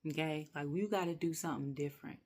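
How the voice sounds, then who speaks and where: A woman's voice: sits low, quick pace. Chatty woman ranting casually. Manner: chatty, rambling, animated, laughs often. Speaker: wrestling reviewer. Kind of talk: casual rant review.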